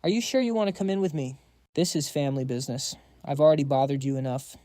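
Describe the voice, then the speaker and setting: A man's voice: medium pitch, quick pace, mellow, no room sound, clean studio sound, lightly acted. A man voicing an emotional young woman, a devoted daughter in a recap story. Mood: gentle.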